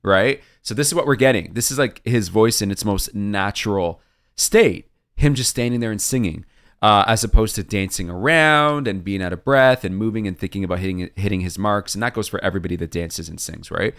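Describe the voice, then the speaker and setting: A man's voice: fairly low pitch, fairly quick, vocal fry, fairly bright tone, no room sound, clean studio sound. A man hosting a reaction video, gushing and thinking aloud in casual commentary.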